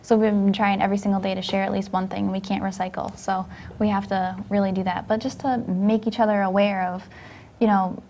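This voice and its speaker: A woman's voice: medium pitch, little pitch movement, fairly quick, warm tone, slight background noise. Chatty reflective woman co-host. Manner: chatty, reflective, laughs easily. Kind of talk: casual chat.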